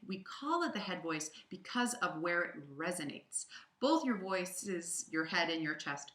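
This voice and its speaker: A woman voice coach leading a guided vocal warm-up lesson, cueing and counting the singer through each exercise in an encouraging way. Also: mid-range voice. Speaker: voice and audition coach. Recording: roomy sound with piano behind. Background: piano accompaniment.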